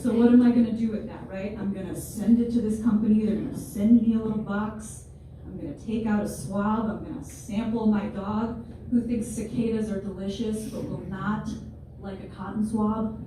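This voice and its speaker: A woman's voice: mid-range voice, steady tone, moderate pace, warm tone. A woman in her twenties doing a stand-up comedy set in front of a live audience, wry and self-deprecating, with playful asides. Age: 20s. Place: large room with a live audience. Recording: very echoey hall, distant, noisy.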